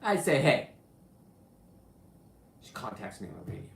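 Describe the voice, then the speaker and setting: A show host with a fairly low pitch and lively intonation tells brash, profane diving stories, talking fairly quickly and pausing often in a roomy-sounding space. His boastful delivery swings between loud bursts and mutters, in a casual storytelling style.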